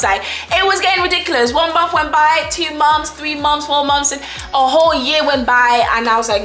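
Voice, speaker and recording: A woman's voice: high voice, fairly even intonation, brisk, fairly bright tone, echoey room, soft background music. A young woman from Ghana with a Ghanaian English accent, telling a casual storytime vlog, chatty and laughing often as she acts out exchanges. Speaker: vlogger.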